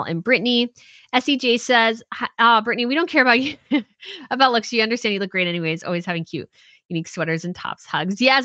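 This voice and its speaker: A woman's voice: mid-range voice, bright, forceful tone, no room sound, lo-fi sound. A woman in her thirties hosting a casual livestream, chatting in a rambling way and reading viewer comments aloud. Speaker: host reading live chat.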